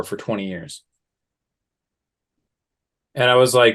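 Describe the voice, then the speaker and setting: A man as an interview guest, relaxed and storytelling, often acting out the people he quotes. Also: mid-range voice, moderate pace. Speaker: guest, men's work facilitator. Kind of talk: conversational interview.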